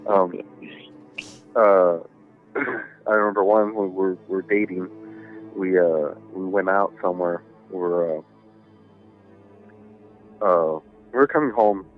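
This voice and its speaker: Low-voiced man telling a spooky story. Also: fairly even intonation, takes it slowly, pauses often, narrow, tinny audio, soft background music. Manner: rambling, profane, many fillers. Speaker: podcast guest. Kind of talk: casual storytelling.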